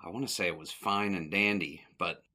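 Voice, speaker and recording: A man with a fairly low voice and a bright, forceful edge recaps an old comedy short in a loose, conversational way. He rambles, corrects himself and chuckles as he goes. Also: a little fast. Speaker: podcast host.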